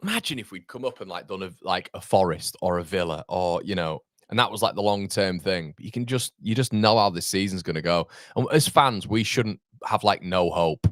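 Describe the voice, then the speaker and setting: Exasperated football fan ranting live. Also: male voice, low-pitched, fairly quick, hardly any pauses, no echo, studio quality. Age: 30s. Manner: animated, rambling, swings from laughter to exasperated rants. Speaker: fan channel host. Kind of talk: live football watchalong chat.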